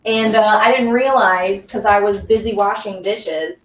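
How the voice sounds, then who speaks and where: A woman's voice: mid-range voice, unhurried, lo-fi sound, a little hiss or hum. A woman hosting a casual baking livestream from her home kitchen, chatting bubbly with viewers and reading their comments. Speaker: baking livestream host and singer.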